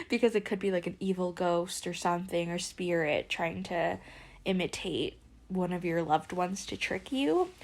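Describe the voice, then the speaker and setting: A young woman hosting a podcast, chatting casually and retelling a spooky story with lots of filler words. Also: medium pitch. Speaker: podcast host.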